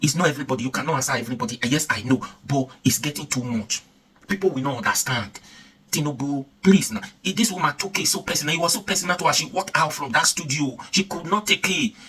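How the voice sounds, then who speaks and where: Raspy, fast-ranting Nigerian man. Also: a little high, bright, forceful tone, far from the mic. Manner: angry, fires off rhetorical questions, repeats himself. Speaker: political vlogger. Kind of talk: impassioned political rant.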